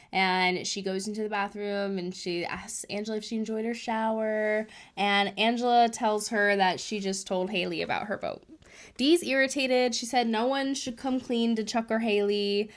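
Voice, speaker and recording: A woman's voice: medium pitch, moderate pace. Chatty woman recapping a reality show. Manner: chatty, animated retelling with frequent fillers. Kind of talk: casual recap monologue.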